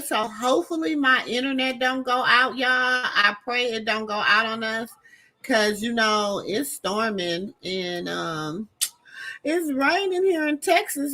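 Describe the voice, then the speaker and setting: A woman talks to her livestream audience in a high, bright voice. She takes her time and drives points home by repeating them. Her tone is emphatic and direct. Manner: emphatic, repetitive, addresses viewers as y'all. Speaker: commentary host. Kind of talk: casual livestream commentary. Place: home during a storm.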